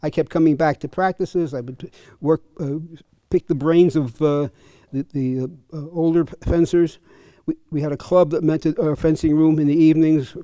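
A man's voice: on the high side, fairly even intonation, moderate pace, warm tone, no echo, clean studio sound. An older man and fencing coach, telling chatty, chuckling anecdotes at a clinic. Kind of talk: casual anecdotal storytelling.

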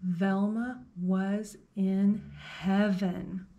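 A woman librarian reading a picture book aloud to children, slow and gentle, stopping to ask the listener questions. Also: fairly high pitch, slight background noise.

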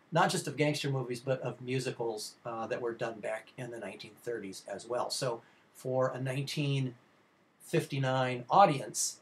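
A middle-aged male instructor talking through a slide lecture on classic movies. He speaks in a casual, meandering way, filling pauses with uh and um and restarting sentences. His voice sits at an ordinary pitch for a man. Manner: rambling and informal, many uh fillers and restarts.

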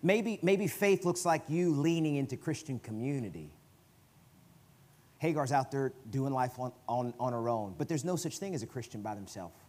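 A guest preacher, a man with a Southern US accent, talks to the congregation in a loose, conversational way. His pitch sits in the middle, but he swings between soft, low asides and sudden loud, emphatic bursts as he preaches in the church. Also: animated, normal speed. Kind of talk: sermon. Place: church sanctuary.

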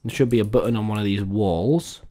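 A man streaming a game live, talking to viewers and ranting excitedly at the screen. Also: on the low side, fairly quick. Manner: excitable, exasperated, swears and rants at the screen. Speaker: gaming streamer.

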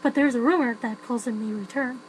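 Woman rambling thru a film review, kinda high voice, faint hum behind. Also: a little fast, poor audio. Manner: chatty, frank, many fillers and restarts, laughs often. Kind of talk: casual spoken film review.

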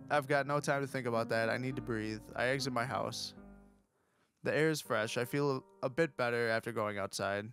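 Host reading game text aloud, mock-dramatic, even-pitched man. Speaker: let's play host.

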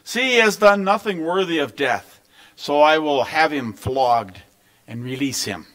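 A man reading the lines of a weary Roman governor questioning a prisoner, lifting his pitch on the questions. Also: animated, a little slow, fairly bright tone, rough recording. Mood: pleading.

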